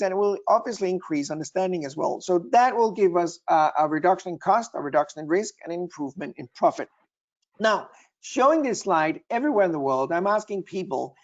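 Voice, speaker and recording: A man's voice: high voice, darkish tone, muffled recording. A man, a guest expert, presenting slides on a webinar and building his points in lists.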